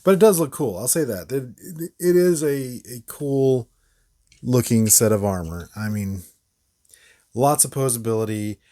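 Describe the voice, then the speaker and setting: A man talks through a toy review in a loose, rambling way. He pauses on fillers and breaks into short laughs. His pitch sits in the ordinary middle range. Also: mellow. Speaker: toy reviewer, channel host. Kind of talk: casual product review.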